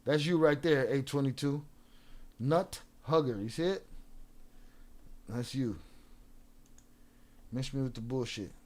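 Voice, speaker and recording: Hosting a livestream, a man rants at his chat, taunting and confronting viewers with plenty of profanity. His mid-range voice is a little mellow, and he talks slowly with frequent pauses.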